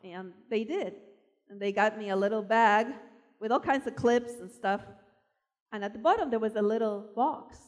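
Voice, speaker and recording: A woman from Argentina preaching a sermon, telling personal stories with animated emphasis. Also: mid-range voice, normal speed. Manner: animated storyteller, voice rising for emphasis. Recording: long hall reverb.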